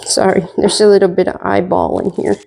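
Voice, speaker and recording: A woman hosting a casual cooking tutorial, playful and joking with her viewers, sometimes dropping to a soft whisper. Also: mid-range voice, steady tone, fairly quick, gravelly, noisy background. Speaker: cooking vlogger.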